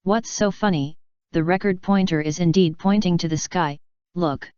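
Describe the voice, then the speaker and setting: A woman's voice: on the low side, moderate pace, darkish tone, smooth, dry recording, close to an everyday voice. A woman voicing a hot-tempered young female navigator in an urgent manner. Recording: dry, slightly dull recording.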